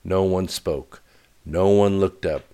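Male audiobook narrator, low voice, steady even read. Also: slow, clear, resonant tone. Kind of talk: scripted narration.

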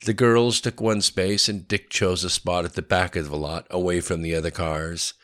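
A man narrating a story in a steady, matter-of-fact reading voice. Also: sits low, normal speed.

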